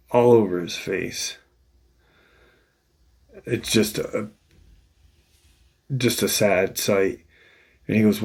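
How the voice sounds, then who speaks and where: A man's voice: sits low, vocal fry, breathy edge. A man host casually retelling an encounter story in a loose, rambling way, full of restarts and "you know".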